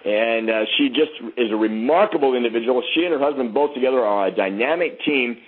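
A man with a mid-range, slightly rough voice hosts a conference call over a phone line, speaking a little fast. He introduces a guest with effusive praise and keeps restarting his sentences.

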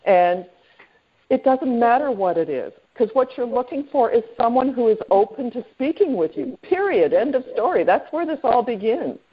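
A woman with a voice on the high side, a breathy edge, and lively intonation coaches a sales team over a conference call at normal speed. She's chatty, leans on fillers, and frequently asks friendly questions of her listeners. The line is tinny.

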